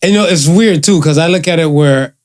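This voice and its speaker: A man's voice: on the high side, fairly quick. A man co-hosting a casual podcast, rambling and padding his points with filler phrases. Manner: rambling, fills with "and stuff". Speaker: podcast co-host.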